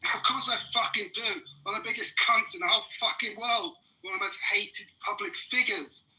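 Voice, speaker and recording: A man's voice: high voice, fairly quick, bright, forceful tone, poor audio. Furious man ranting profanely. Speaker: debate participant. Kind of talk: heated live debate.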